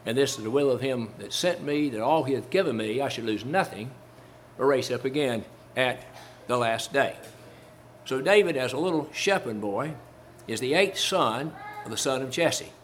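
A man preaching a sermon at a mid-range pitch, hammering home repeated phrases and tossing rhetorical questions at his congregation. He quotes old-style scripture with steady conviction. A faint hiss of noise sits under the recording. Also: moderate pace. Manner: quotes King James scripture. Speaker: Baptist preacher.

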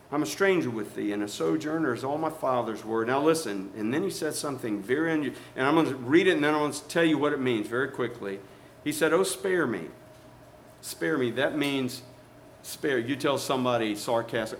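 Impassioned preacher swinging loud and soft. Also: male voice, mid-range voice, animated, normal speed, a little hiss or hum. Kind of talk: sermon.

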